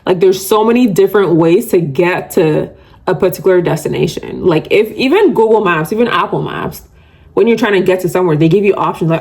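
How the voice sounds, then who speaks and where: A lowish, slightly mellow voice at normal speed belongs to a woman hosting her own podcast. She keeps it casual and chatty with listeners, laughing often and saying she loves to yap.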